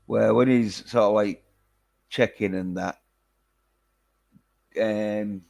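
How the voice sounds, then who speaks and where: Slow, rambling low-voiced man. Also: steady tone, vocal fry, darkish tone. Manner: rambling, filler-heavy, swears casually. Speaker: film reviewer. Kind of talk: casual chat.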